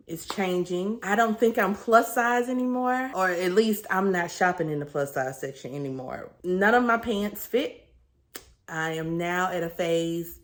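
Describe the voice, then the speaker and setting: Lower-voiced woman chatting candidly to camera. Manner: chatty, earnest, with frequent fillers and self-corrections. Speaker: vlogger sharing a weight-loss surgery journey. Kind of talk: candid casual update to camera.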